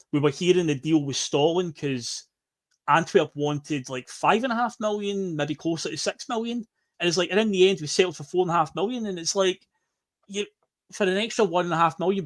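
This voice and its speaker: Exasperated man ranting. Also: a little high. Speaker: podcast co-host. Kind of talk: casual football chat.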